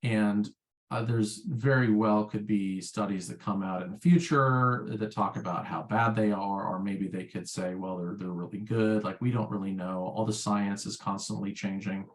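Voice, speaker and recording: Low-voiced man, rambling. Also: fairly even intonation, normal speed. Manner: rambling, filler-heavy storytelling. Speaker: guest, former pharma sales rep. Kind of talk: casual interview chat.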